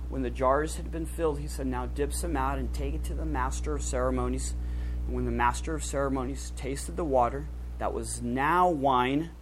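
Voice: mid-range voice, moderate pace, soft background music, rough recording. A preacher giving a casual, conversational sermon, using slang and acting out quoted lines with a raised voice.

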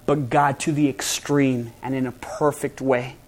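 A male pastor preaching a sermon to a congregation, swinging between loud emphasis and hushed, soft passages. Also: mid-range voice, little pitch movement, a little slow. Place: church hall before a congregation.

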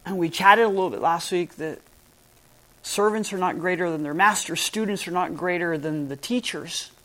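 A woman's voice: fairly low pitch, moderate pace, a bit bright. Earnest woman preaching a sermon. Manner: earnest, emphatic, spells words out. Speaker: pastor.

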